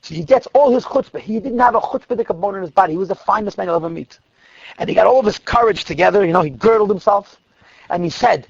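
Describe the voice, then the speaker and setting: A man, a rabbi, telling stories in a lecture, lively in the telling and dropping to quiet asides. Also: high-pitched, quick pace, gravelly, husky, no echo, muffled recording. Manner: animated retelling that drops to quiet asides. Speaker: rabbi teaching a class. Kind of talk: storytelling lecture.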